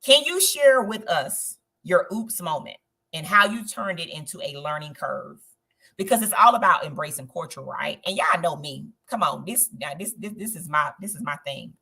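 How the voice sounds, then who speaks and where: A woman hosting a live travel stream, chatting in an animated way and talking straight to her viewers. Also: on the low side, creaky, husky. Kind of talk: casual livestream chat.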